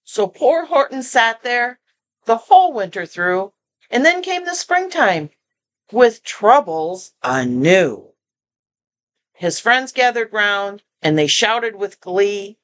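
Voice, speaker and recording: Slow, lively grandmotherly storybook reader. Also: mid-range voice. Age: older. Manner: expressive, stops to comment and ask the listener questions. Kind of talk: reading a children's picture book aloud.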